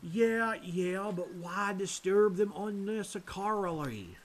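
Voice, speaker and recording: A gentle village priest from a video game, as a man puts him on, unhurried and soothing. His voice lifts a little and draws words out calmly. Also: high-pitched, slight background noise, pitched above the performer's own voice. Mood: placid.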